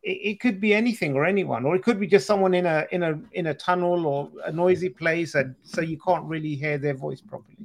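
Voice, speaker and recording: A man with a fairly high, gravelly voice, chatting casually as a podcast co-host. He makes wry quips and chuckles at the absurd bits. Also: brisk, few pauses. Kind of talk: casual chat.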